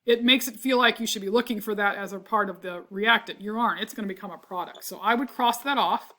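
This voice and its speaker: In a recorded chemistry class, a congested woman clears her throat often while moving at a quick pace in a mid-range, fairly bright voice. She explains each step, regularly checks with "right?" and fixes her own slips.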